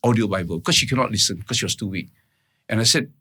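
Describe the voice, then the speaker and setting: A man's voice: lowish voice, quick pace, pushed and bright, husky. A man speaking as a guest in an interview, telling a personal story in earnest, plain words and often checking in with "right?". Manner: keeps checking in with "right?" and "all right?"; earnest, plain-spoken retelling.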